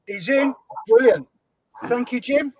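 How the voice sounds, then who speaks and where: A man hosting a live-stream charity auction, brisk and upbeat, reading out chat comments and calling the time left. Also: extremely high pitch, animated, a little hiss or hum, rough recording. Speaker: host and auctioneer.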